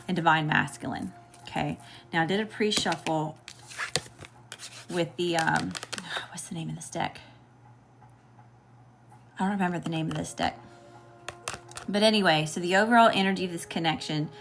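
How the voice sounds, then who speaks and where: A woman's voice: low-pitched, steady tone, brisk, a bit bright, soft background music. A woman with a Southern US accent giving a live tarot reading, casual and chatty, often checking in with her viewers. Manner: casual, keeps checking in with "okay?" and greeting chat. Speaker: tarot reader.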